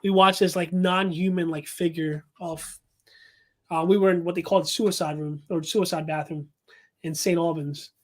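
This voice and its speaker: A man's voice: a little high, fairly even intonation, moderate pace. A man telling a story as a guest paranormal investigator, talking casually with many fillers and restarts.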